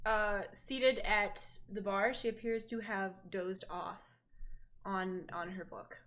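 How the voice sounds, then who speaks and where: A woman's voice: mid-range voice, fairly even intonation, slow pace, fairly bright tone. A woman narrating as game master, hesitant with fillers and self-mocking.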